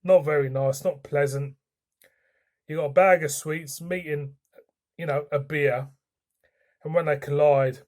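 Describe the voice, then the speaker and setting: Bloke doing a frank beer review vlog, slightly high voice, says what he thinks. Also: steady tone, measured pace, pauses often, darkish tone. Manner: blunt, frank, swears.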